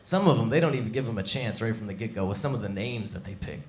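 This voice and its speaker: A man performing a live stand-up set on a comedy club stage, wry and deadpan, speaking into a stage mic. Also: fairly low pitch, fast. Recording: echoey club with loud crowd.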